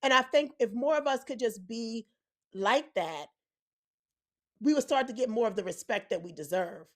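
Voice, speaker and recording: Woman podcast co-host, higher voice, earnest storyteller, emphatic and outspoken. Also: expressive, normal speed. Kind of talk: casual opinionated chat.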